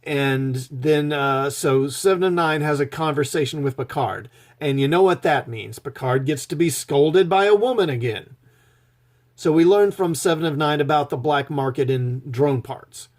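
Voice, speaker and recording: A man's voice: fairly high pitch, moderate pace. A man recapping a TV episode in a casual, sarcastic, mocking tone. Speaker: show reviewer.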